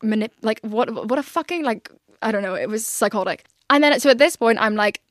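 A woman's voice: a little high, expressive, brisk, dry recording. Chatty young woman, dry close sound. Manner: chatty, swears freely, acts out quoted dialogue. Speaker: podcast host. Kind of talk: candid casual chat.

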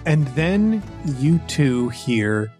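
A man running a tabletop game as game master, describing scenes in slow, drawn-out narration. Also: medium pitch, big pitch swings, a little mellow, soft background music.

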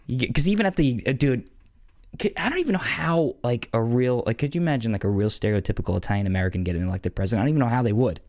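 A man's voice: mid-range voice, lively intonation, racing, darkish tone. A man casually rambling about movies, with lots of fillers and slang. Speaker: movie reviewer. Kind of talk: casual chat.

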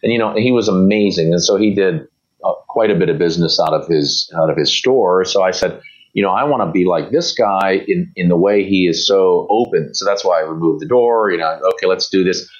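Low-voiced man telling rambling stories. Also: a little fast, lo-fi sound. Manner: rambling anecdotes with quoted voices, many fillers and restarts. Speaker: guest. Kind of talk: casual storytelling interview.

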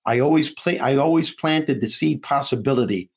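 Husky man telling a story with voices. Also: medium pitch, moderate pace. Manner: acts out dialogue between characters, laughing often. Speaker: guest author and comedian. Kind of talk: animated storytelling in an interview.

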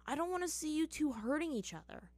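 A young boy, anxious and pleading, voiced by a woman. He begs his friends to stop and asks for time, softly and a little slow. The reading is dry and close. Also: sits high, very animated, dry recording, voice pushed up.

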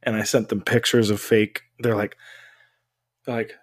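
A man co-hosting a podcast, telling an anecdote in an animated way and laughing often. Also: lowish voice, normal speed. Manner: giggly, animated storyteller. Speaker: podcast co-host. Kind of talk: casual chat.

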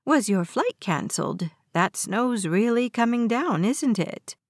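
A woman's voice: fairly high pitch, animated, measured pace, no echo, clean studio sound. A woman doing a kindly old grandma. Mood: sympathetic. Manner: gentle and friendly. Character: kindly white-haired old woman, calm and confident.

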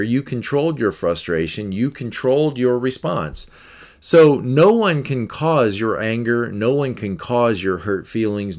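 Male podcast host, mid-pitched, repetitive emphatic self-help talker. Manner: repetitive, emphatic, acts out example scenarios. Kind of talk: motivational self-help talk.

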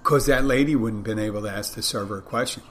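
A man's voice: on the low side, fast, a little hiss or hum. Rambling bartender man telling a story. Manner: rambling anecdotes, acts out dialogue. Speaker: bartender and podcast host. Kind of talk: casual storytelling monologue.

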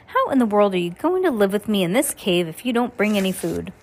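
A nervous, prim older aunt from a storybook, as a woman reader puts her on, high-strung and quick to scold over grammar. She sounds fretful and stern by turns, with a fussy, proper manner. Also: very animated, a little mellow, a little hiss or hum. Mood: alarmed.

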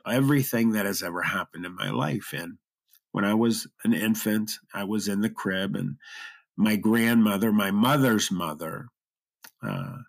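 A man's voice: fairly low pitch, measured pace, vocal fry. A man telling his personal story in an interview, earnest and emotional, choked up at times, often restarting his sentences. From half Lebanese, half German Irish heritage.

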